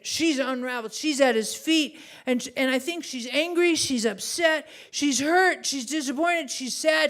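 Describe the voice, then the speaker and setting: High-voiced woman preaching a sermon. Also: measured pace, few pauses. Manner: animated preaching with rhetorical questions. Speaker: pastor.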